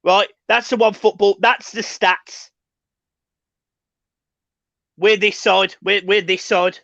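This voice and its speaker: A man's voice: high-pitched, steady tone, slow, creaky, pushed and bright, no echo. A man co-hosting a fan channel, agitated and swearing, stumbling over words in a football reaction chat. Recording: dry, dull lo-fi sound.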